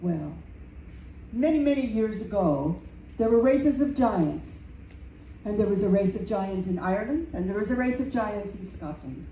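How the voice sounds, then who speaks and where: A woman storyteller telling a folktale live in a community center room, slow and dramatic, repeating phrases for effect. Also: mid-range voice, lively intonation, warm tone. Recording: roomy, distant, faint background noise.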